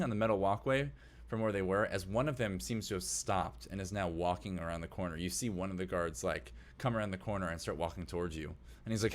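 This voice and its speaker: Deep-voiced man running a tabletop game. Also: a little fast. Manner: loose, filler-heavy description. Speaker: game master.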